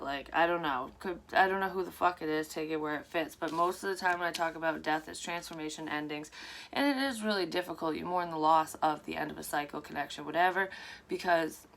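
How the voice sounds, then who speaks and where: A woman's voice: low-pitched, gravelly, a bit bright. A woman giving a casual, rambling psychic card reading to her viewers. She talks frankly and swears freely. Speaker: psychic tarot reader. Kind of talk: casual tarot reading to camera.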